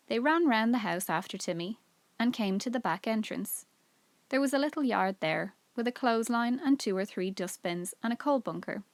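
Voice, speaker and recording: A teacher reading a children's book aloud in clear, even storytelling. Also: female voice, on the high side, normal speed, no room sound.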